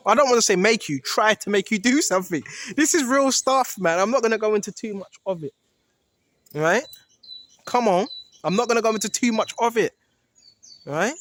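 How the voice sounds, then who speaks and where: High-voiced man preaching insistently. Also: a bit bright. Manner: earnest and insistent, repeats "right?" constantly. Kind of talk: informal preaching to camera.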